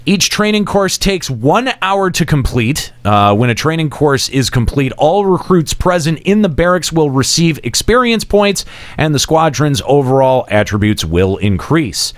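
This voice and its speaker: A man's voice: fairly high pitch, a little slow, no room sound. Guy co-hosting a game podcast, reads patch notes, voice jumps around a lot, dry close mic. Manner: reads in a steady flat delivery, breaks into mocking jeers. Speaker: podcast co-host. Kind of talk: reading patch notes with banter.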